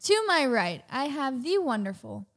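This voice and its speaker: A woman's voice: high voice, very animated, normal speed, creaky, fairly bright tone. A woman hosting a casual podcast interview, teasing her guest and firing off questions. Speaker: podcast host.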